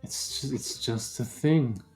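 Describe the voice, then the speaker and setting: A man's voice: medium pitch, slow pace, a little mellow, soft background music. A man co-hosting a podcast, chatting casually with sarcastic, profane jokes. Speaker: podcast co-host. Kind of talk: casual chat.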